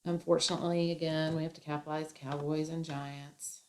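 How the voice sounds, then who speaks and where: A woman's voice: deep voice, little pitch movement, brisk, a little hiss or hum. A woman teacher explaining a grammar lesson step by step, with playful asides.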